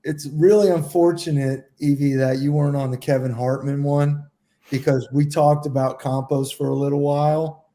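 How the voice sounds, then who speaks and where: A middle-aged man co-hosting a casual round-table podcast, telling relaxed anecdotes. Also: on the high side, normal speed. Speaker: podcast co-host, former goalkeeper.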